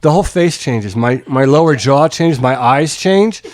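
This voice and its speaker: Speaking at a measured pace with a medium-pitched voice, this man is a guest musician being interviewed at home. His long, casual story is animated and full of swearing, and he acts out the other people's voices.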